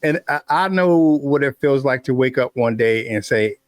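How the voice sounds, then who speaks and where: A middle-aged man and father co-hosting a sports podcast, talking in a relaxed, reflective way. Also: medium pitch, normal speed, no echo, studio quality. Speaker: podcast co-host. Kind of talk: casual sports chat.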